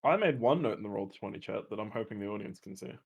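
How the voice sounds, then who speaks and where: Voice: medium pitch, lively intonation, fast talker, creaky, breathy edge, highs cut off. A player talks casually through a tabletop game, joking as the rolls come in. The voice moves up and down a lot.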